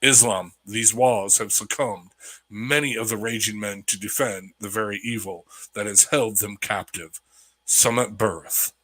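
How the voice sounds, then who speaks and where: A man reading a joke sponsor ad in a put-on deeper radio announcer voice. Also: fairly even intonation, a little slow, pushed and bright, husky, no echo, heavily acted.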